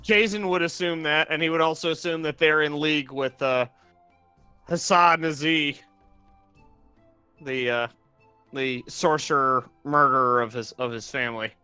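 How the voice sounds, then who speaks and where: A man playing a tabletop game, joking and bursting into loud outbursts. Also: fairly high pitch, fairly even intonation, moderate pace, long pauses, clear, resonant tone, no echo, soft background music. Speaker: player. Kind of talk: casual tabletop play.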